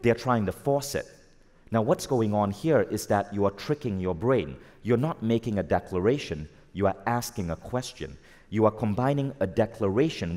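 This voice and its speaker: Man, lowish voice, live motivational speaker working an audience, lively and direct, long reverb of a large hall. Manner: energetic, asks the audience questions, acts out quoted voices.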